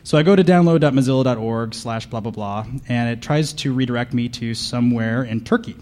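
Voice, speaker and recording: A man giving a comedic conference talk, deadpan and sarcastic, bantering with the audience from the stage. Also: mid-range voice, a little fast. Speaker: conference speaker.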